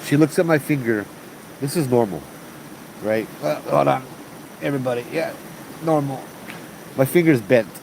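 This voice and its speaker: A man's voice: mid-range voice, moderate pace, gravelly, pauses often. A man from Hawaii with a Hawaiian Pidgin accent, telling ghost stories in a chatty, slangy way to a group outdoors at camp. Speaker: ghost storyteller. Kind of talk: casual ghost storytelling to a group. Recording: steady background noise hum.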